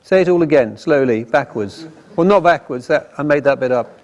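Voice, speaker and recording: A man's voice: fairly high pitch, lively intonation, normal speed, a little mellow. A man moderating a live panel discussion, polite and jokey. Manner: jokey, polite, self-deprecating.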